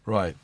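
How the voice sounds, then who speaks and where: A middle-aged British man hosting a livestream, chatting casually into a studio mic and often interrupting himself. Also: noisy background. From Britain. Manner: rambling, self-interrupting, chatty with the audience. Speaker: livestream host. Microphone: studio microphone.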